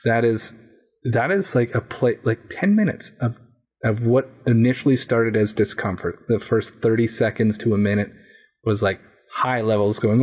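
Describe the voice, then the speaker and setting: Husky, reflective male coach. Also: mid-range voice, normal speed, darkish tone. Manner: reflective, searching for words with many restarts and "like". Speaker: coach and podcast guest. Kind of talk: casual podcast conversation.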